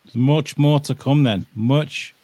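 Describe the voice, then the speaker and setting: A man's voice: medium pitch, takes it slowly, dark tone, a little hiss or hum. A man hosting a casual livestream chat, upbeat and reading viewer comments aloud. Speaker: host.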